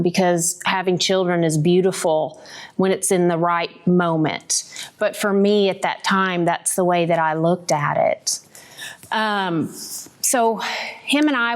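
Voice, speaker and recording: A woman hosting a podcast, giving a candid, reflective faith testimony and often checking in with the listener with a quick "right?". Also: mid-range voice. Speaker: podcast host.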